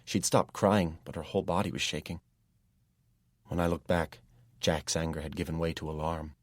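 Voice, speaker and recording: A man with a very deep, slightly husky voice narrates a first-person fantasy story in steady, measured tones. The recording is dry and close, with no room sound. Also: no echo. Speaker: audiobook narrator.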